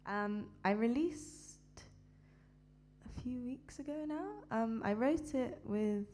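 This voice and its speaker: A woman singer-songwriter guest chatting casually between songs, halting and hesitant, with lots of fillers. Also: a little high, darkish tone, a little hiss or hum.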